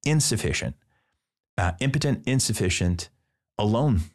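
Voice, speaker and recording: A man's voice: lowish voice, animated, moderate pace. A man, a priest and podcast guest, telling a personal story in casual conversation and acting out the dialogue with playful asides. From Midwestern United States.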